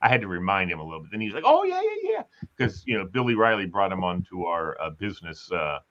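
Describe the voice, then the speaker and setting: Bright-sounding guy hosting a chat show, jokey and chatty, kinda muffled lo-fi audio. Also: sits low, fast talker, slight background noise. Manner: joking, teasing, talkative. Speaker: host. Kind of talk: casual chat.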